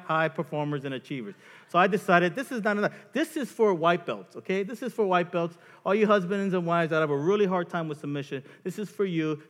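High lively guy preaching in a church hall, jokey, acting out him and his wife, long reverb. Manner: animated and joking, acts out voices of himself and his wife. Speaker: pastor. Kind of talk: sermon.

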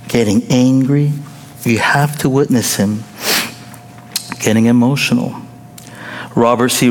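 A man preaching a sermon and telling a personal story, in an animated way with high excited bursts. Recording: long reverb of a large hall.

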